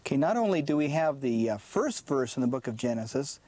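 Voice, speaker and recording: A man's voice: medium pitch, sing-song, a little fast, mellow. A man preaching a sermon, often saying "listen" and posing questions he answers himself. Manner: emphatic, repeats "listen" to drive points home; asks rhetorical questions and answers them.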